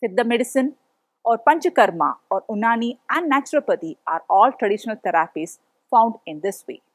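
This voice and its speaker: A woman's voice: mid-range voice, lively intonation, a little fast, no echo. A woman with an Indian English accent teaching a school biology lesson, reading from a prepared text and putting questions to the class. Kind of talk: read-aloud lesson.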